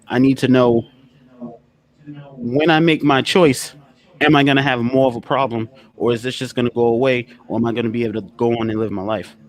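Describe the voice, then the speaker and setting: Guy talking casually, gets loud and animated, swears a lot, stumbles over repeated words. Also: mid-range voice. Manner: animated, swears, acts out other people. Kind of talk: casual podcast chat.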